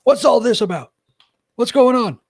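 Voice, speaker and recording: A man voicing a confused male fisherman who calls out loudly in a tabletop game. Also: extremely high pitch, animated, moderate pace, gravelly, husky, pitched above the performer's own voice, exaggerated voice. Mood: baffled. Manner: loud, confused, raised voice.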